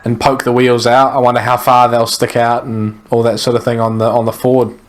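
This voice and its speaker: Male co-host, average pitch, laid-back and sure of his views. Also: little pitch movement, brisk. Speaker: podcast co-host. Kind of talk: casual chat.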